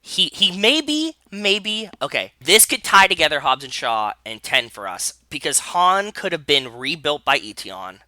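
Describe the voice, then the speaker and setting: Excitable man, very bright voice. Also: a little high, a little slow, hardly any pauses, dry recording. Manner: animated, swears freely, acts out quoted voices. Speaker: podcast co-host. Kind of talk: excited casual chat.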